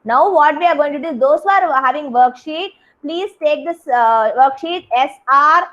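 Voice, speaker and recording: High-voiced animated kindergarten teacher. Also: female voice, normal speed. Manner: animated, sing-song, exaggerated for small children. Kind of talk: online class teaching. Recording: dull lo-fi video call audio.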